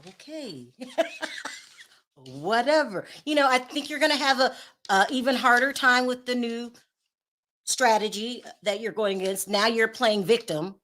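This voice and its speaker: A woman's voice: on the high side, normal speed, fairly bright tone. A woman hosting her own commentary show, talking casually with sarcastic, sassy asides and laughing at her own remarks. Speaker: commentary vlogger.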